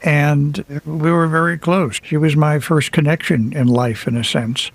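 A man's voice: on the high side, fairly even intonation, measured pace, no echo. A man who wrote a book, guest on a radio interview, telling personal stories in a reflective way with some light humor. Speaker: author guest. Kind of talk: radio interview, casual storytelling.

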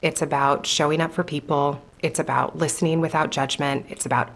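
A woman chaplain running for office, speaking in an earnest, deliberate way in an interview clip. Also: sits low, steady tone, vocal fry, fairly bright tone. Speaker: chaplain and congressional candidate.

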